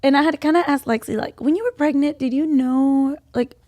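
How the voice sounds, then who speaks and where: A woman's voice: high-pitched, fairly even intonation, brisk, mellow, no room sound, clean studio sound. A woman in her late twenties, pregnant, telling a personal story in a chatty way with a lot of "like"s as a podcast co-host. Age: 20s. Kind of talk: casual chat.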